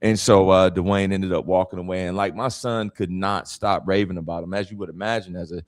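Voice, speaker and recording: A man in his forties answering interview questions as a guest, telling stories in an animated way and acting out other people's lines. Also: deep voice, a little fast, no room sound. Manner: animated storyteller, acts out quoted voices. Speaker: guest speaker and author.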